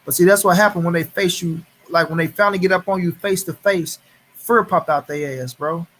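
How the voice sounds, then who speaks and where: A livestream host with a high, brisk, slightly bright voice vents angrily, swearing and repeating phrases for emphasis. In this casual commentary he also greets viewers in the chat by name.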